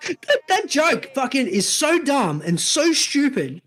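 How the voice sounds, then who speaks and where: A man's voice: very high voice, slow. A middle-aged Australian man co-hosting a podcast in casual, swearing, laughing chat. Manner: swearing, laughing, animated storyteller. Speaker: podcast co-host.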